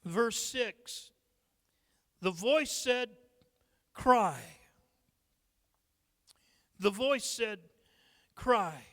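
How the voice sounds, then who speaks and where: A man's voice: very high voice, animated, extremely slow, pauses often, a bit bright. A man with a Midwestern American accent, a pastor teaching a Bible study, reading scripture aloud and explaining it with humorous asides. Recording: reverberant church sanctuary.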